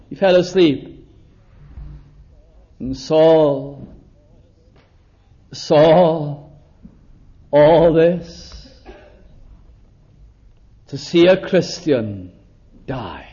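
A man's voice: a little high, expressive, drawn-out words, long pauses, dark tone. A man preaching a sermon, dramatic and emphatic, acting out the voices he quotes. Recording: dull lo-fi recording.

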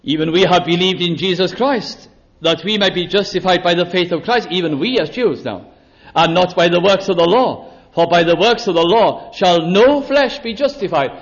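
A man with a high voice preaches a sermon in a chapel. He is deliberate and draws out key phrases for stress. The recording is muffled and lo-fi.

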